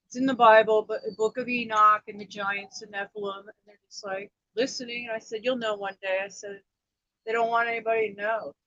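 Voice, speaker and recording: A woman's voice: on the high side, flat delivery, a little fast, sharp tone, dry recording, highs cut off. Upset woman rambling on a livestream. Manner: rambling, emotional, repeats herself. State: upset, near tears. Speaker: livestream host. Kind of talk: emotional personal livestream.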